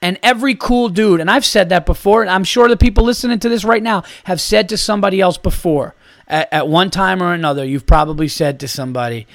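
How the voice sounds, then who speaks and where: A man's voice: sits high, fast talker, gravelly, dry recording, clean studio sound. A man hosting a podcast, a father of a young child, ranting in a heated, sarcastic way and swearing constantly, sometimes slipping into a mock-polite voice. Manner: mock-polite voice for imagined replies. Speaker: podcast host. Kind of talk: profane comedic rant.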